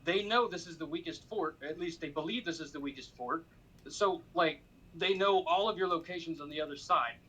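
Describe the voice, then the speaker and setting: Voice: mid-range voice, a little fast, sharp tone, breathy edge, poor audio. Player pleading for their character. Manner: pleading in character, rising urgency. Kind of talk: playing a tabletop game.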